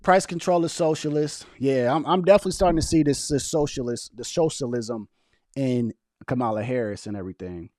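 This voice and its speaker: A young man speaking casually on a livestream, arguing back at viewers' chat comments in an animated, argumentative way. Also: mid-range voice, fairly quick, no room sound, clean studio sound. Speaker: political vlogger reading live chat.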